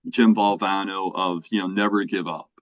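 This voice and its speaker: A man's voice: deep voice, steady tone, normal speed, no echo. A middle-aged man hosts a podcast in a loose, rambling way, restarting his sentences and checking in with "right?". His voice is recorded dry and close, with a slightly dull, muffled tone. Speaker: podcast host. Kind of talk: casual podcast chat.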